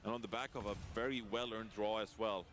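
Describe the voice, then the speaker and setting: Man, esports caster, analytical commentary, measured, explanatory. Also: on the low side, steady tone, over music. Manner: explanatory, measured, breaks down strategy.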